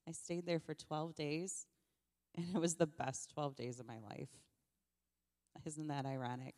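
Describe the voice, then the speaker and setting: Low gravelly woman sharing testimony. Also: long reverb tail. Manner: emotional, earnest storytelling, often softening. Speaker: church member sharing testimony. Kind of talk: personal testimony on stage.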